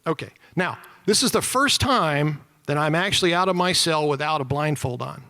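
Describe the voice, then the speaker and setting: A middle-aged man telling his story to an audience, animated and self-deprecating, acting out shouted quotes. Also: on the high side, normal speed. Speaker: former POW giving a talk. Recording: reverberant hall.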